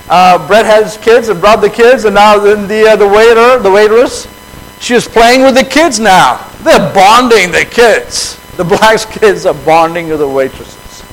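A man preaching a conversational sermon to his fellowship, switching between quiet reflection and animated acted-out dialogue. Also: high voice, low-quality recording.

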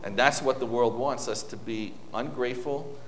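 A man's voice: mid-range voice, normal speed, noisy background. A man preaching an informal sermon, telling stories with many restarts and asides to a congregation. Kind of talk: conversational sermon. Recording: echoey hall with long reverb.

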